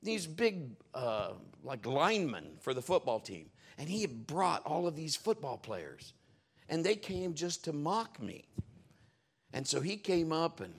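A male pastor preaching at a church service, with a medium-pitched voice. He tells animated stories, laughs and exclaims, and his pitch swings wide through every line. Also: normal speed. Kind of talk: sermon.

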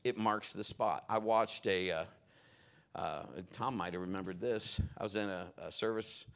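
A male pastor preaching a sermon at a church service, telling animated stories and laughing along the way. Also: on the low side, moderate pace, creaky, clean tone. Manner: animated storytelling, laughing, exclamatory.

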